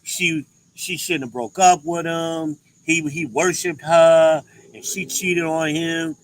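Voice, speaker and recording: A man's voice: on the high side, fairly even intonation, takes it slowly, a little hiss or hum, low-quality recording. A man hosting a show, giving a blunt, profane commentary with emphatic inflections. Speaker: podcast host. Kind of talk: ranting commentary.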